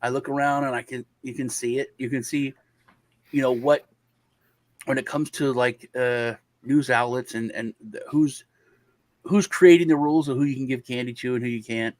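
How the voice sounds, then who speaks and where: A man's voice: mid-range voice, moderate pace, dry recording. A man telling a long anecdote on a casual panel show and acting out the other people in it. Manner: animated anecdote-telling, acts out quoted voices. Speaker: panel guest.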